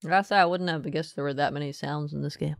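A woman streaming a game, talking casually, swearing and joking as she rambles, now and then popping into a squeaky put-on voice. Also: steady tone, fast, creaky, no room sound, studio quality. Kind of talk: casual live-stream commentary.

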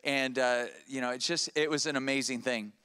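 A middle-aged man preaching a storytelling sermon from a church stage, animated and often repeating himself while checking in with the congregation. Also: medium pitch, normal speed, smooth. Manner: animated, repeats words and checks in with "all right?". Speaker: pastor.

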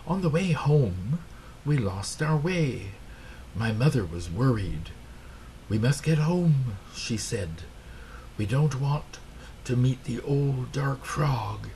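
A man voicing a patient, cheerful grown-up frog in a slow storybook read-aloud, speaking in a calm, encouraging way. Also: medium pitch, slight background noise, pitched above the performer's own voice. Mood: storytelling. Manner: encouraging, calmly persuasive.

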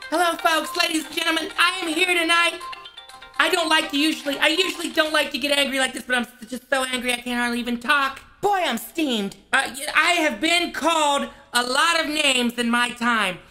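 A man's voice: very high-pitched, steady tone, fairly quick, pushed and bright, soft background music, exaggerated voice. A man playing a hot-tempered male parody TV host who rants, stammers and gets flustered. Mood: ranting. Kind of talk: comedic parody monologue.

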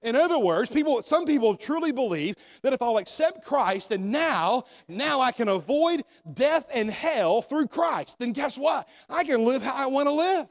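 High-voiced man preaching a sermon. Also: lively intonation, normal speed, few pauses. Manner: preaching with rising emphasis, calls for amens. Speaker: senior pastor. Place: church sanctuary.

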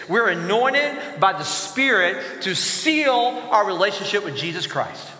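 A pastor with a high voice delivers an animated sermon in a church sanctuary, tossing out call-and-response questions. The recording is echoey, with the long reverb of a church hall.

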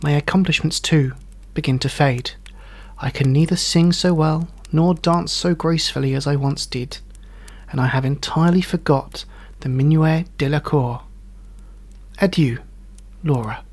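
A man reading a classic story aloud as storyteller, in a measured, theatrical manner suited to period prose. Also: fairly high pitch.

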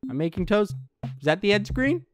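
A man giving let's play commentary, excitable and thinking aloud as he plays, laughing often. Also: high voice, moderate pace, over music. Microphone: headset.

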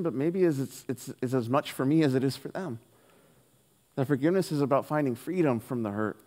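Earnest pastor guy telling a story in his sermon, gets soft on the big lines, long echo from the church hall. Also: mid-range voice, quick pace.

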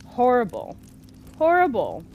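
A woman's voice: fairly high pitch, huge pitch swings, measured pace, darkish tone, dull audio, slight background noise. A woman giving casual let's-play commentary as she plays, talking to herself and getting easily exasperated. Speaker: gameplay commentator.

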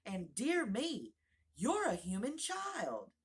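A woman voicing a gentle young fawn in a storybook, with a soft, sweet voice. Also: fairly low pitch, sing-song, unhurried, husky, distant mic, pitched above the performer's own voice, full character voice. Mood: delighted. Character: gentle young fawn, shy then delighted.

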